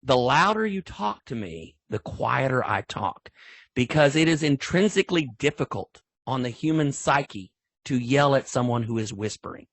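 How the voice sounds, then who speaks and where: Husky middle-aged man, animated storyteller. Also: medium pitch, moderate pace, no room sound. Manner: animated storyteller, acts out sideline exchanges. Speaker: veteran football referee, guest. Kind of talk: casual podcast interview.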